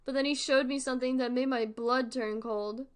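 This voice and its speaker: A woman's voice: sits high, steady tone, moderate pace, smooth. A young woman reading creepypastas aloud with comic commentary, swearing a lot and breaking into laughter. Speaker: creepypasta reader and reactor.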